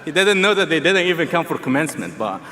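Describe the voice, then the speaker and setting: Bright-voiced Egyptian young man, arena echo. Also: on the high side, very animated, fast, slight background noise. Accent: Egyptian Arabic. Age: young adult. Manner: humorous, earnest storytelling. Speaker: student commencement speaker. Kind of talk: commencement speech. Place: large arena. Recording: long arena reverb.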